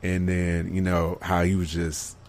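Male co-host, very deep voice, eager and emphatic fan. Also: unhurried. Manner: excitable, emphatic fan talk. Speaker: podcast co-host. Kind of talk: casual wrestling chat.

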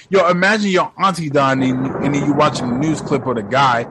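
A young man giving casual movie reaction commentary, animated and profane, with loud exclamations. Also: mid-range voice, a little fast, few pauses, breathy edge.

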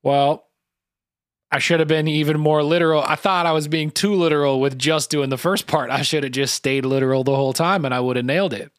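A man co-hosts a podcast in loose, comedic chat, wandering through his thoughts, swearing freely and breaking into laughter. His voice sits a bit higher than most men's. The sound is dry and close, with no room echo. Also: fairly even intonation, a little fast. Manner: profane, rambling, laughs often. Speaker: podcast co-host guessing cryptids.

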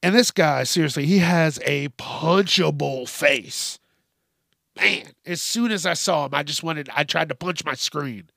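Sweary podcast guy ranting, gravelly voice, dry close mic. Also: fairly high pitch, unhurried, fairly bright tone, no echo. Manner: heated, sweary, sarcastic. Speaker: podcast host. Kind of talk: profane comedic rant.

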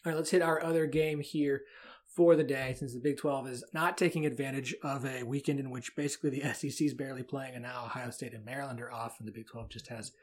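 Chatty man hosting a sports podcast. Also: medium pitch. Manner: chatty, self-deprecating, reads ads conversationally. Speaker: podcast host. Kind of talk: casual sports podcast chat with ad read.

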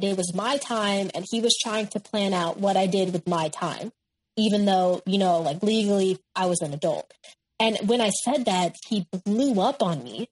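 A woman's voice: mid-range voice, poor audio. A nineteen-year-old woman, a guest in an interview, recounting a personal story in a candid, matter-of-fact way.

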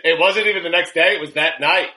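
A man hosts a loose comedy chat with a bright, slightly high voice. He tells stories with lots of animation, laughs a lot and swears without holding back. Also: fast, poor audio. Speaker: podcast host.

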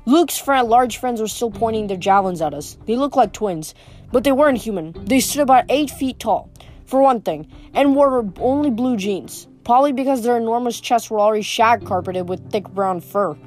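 A woman reading a novel aloud as audiobook narrator, in a steady storytelling manner. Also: on the high side, moderate pace, faint music behind. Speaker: reader.

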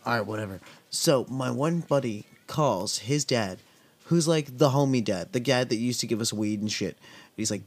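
He's a young podcast host from the desert valley in Southern California, with a medium-pitched voice and a moderate pace. He tells his story casually, relaxed and profane, with lots of fillers.

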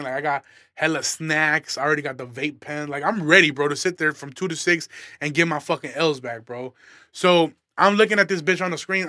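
A young male comedian from Illinois rattles off a story at a rapid clip, swearing freely and staying fired up throughout. His voice sits a little high and has a bright, forceful edge. It is recorded close and dry, with no room sound. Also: no echo. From Aurora, Illinois, USA. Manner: profane, animated, fired-up. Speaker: stand-up comedian, podcast host. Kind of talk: casual storytelling rant.

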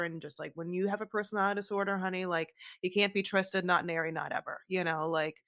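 Animated, blunt woman podcast co-host. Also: fairly low pitch, quick pace, hardly any pauses, no room sound, clean studio sound. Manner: animated, filler-heavy, blunt and profane. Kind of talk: casual chat recapping a reality show.

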